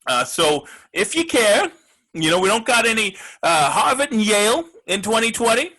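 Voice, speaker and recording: Male actor as a brash gambler sports host: husky, high and swooping, ranting and profane. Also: sing-song, moderate pace, exaggerated voice. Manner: loud, ranting, profane, mocking. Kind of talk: comedic sports rant.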